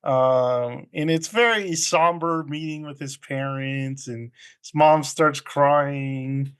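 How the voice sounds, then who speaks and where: A man with a somewhat high voice recaps a film in an easy, rambling chat. He takes his time, laughs often and acts out the lines he quotes. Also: takes it slowly, fairly bright tone, smooth. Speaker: podcast co-host recapping a film. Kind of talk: casual chat.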